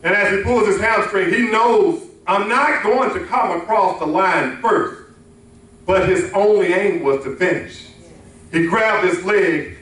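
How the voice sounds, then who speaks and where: A pastor with a very high voice delivers a sermon with call-and-response. He is recorded from a distance in a church sanctuary, and heavy reverb rings around every phrase. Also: a bit bright. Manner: preaching with call-and-response to the congregation. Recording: echoey hall, mic from a distance.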